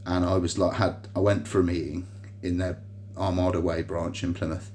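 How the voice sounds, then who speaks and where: In a hospital room, a man vlogger rambles to a phone on a tripod about a personal grievance, full of fillers and restarts. His voice sits low with little pitch movement and a darkish tone, at normal speed. There's a little hiss or hum.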